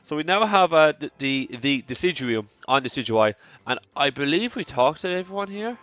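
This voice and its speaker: A man's voice: fairly high pitch, expressive, normal speed, few pauses, fairly bright tone, clear, resonant tone, dry recording, lo-fi sound, faint music behind. A man with an Irish accent hosting a let's play, chatty, rambling and self-deprecating as he comments on the game. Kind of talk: casual gameplay commentary.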